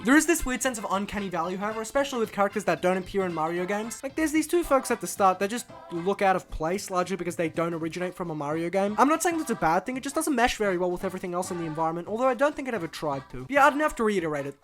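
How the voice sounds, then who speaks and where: A man narrating a comedic video essay as a film reviewer, sarcastic and animated. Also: high voice, very fast, few pauses, soft background music.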